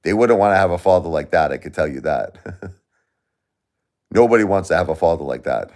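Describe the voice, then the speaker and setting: A man's voice: deep voice, lively intonation, brisk, darkish tone. A man hosting a live stream, lecturing and scolding his chat commenters in a confrontational, repetitive way. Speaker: livestream host.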